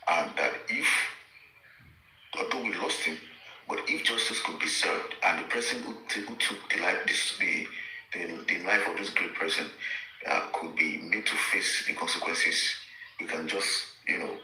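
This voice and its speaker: Deep bright man, echoey. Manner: deliberate, repeating words while building a point. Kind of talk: measured commentary. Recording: echoey with faint noise.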